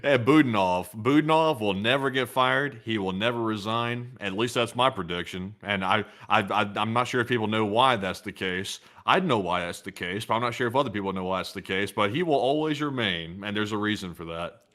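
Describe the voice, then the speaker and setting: A male co-host chats casually, cracking jokes and circling back over his own words. His voice is bright and forceful. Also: on the low side, fairly quick, hardly any pauses. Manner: joking, rambling with repeated words. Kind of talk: casual chat.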